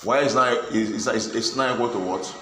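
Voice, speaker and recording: A man's voice: lowish voice, brisk, roomy sound, background noise. A man tutoring a pupil in math, sternly repeating questions and pressing for answers.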